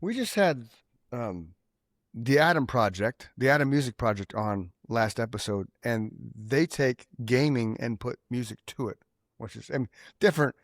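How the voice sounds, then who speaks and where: A man's voice: medium pitch, lively intonation, normal speed, dry recording. A male podcast host chatting casually with a band. He talks with eager enthusiasm and often repeats words as he gathers his thoughts. His voice sounds close and dry. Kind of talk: casual chat.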